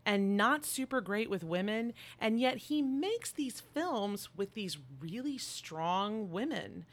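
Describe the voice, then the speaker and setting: A woman in casual chat about a film, animated and playful and swearing freely. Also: medium pitch, slow. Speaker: podcast co-host.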